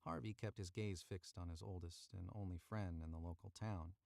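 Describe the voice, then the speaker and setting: A man's voice: low voice, steady tone, normal speed, vocal fry, darkish tone, no room sound. A man reading a story aloud on a live stream from a cramped booth, chatting to viewers and redoing lines he stumbles on. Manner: chatty, self-correcting, retakes lines. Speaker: voice actor narrating a story.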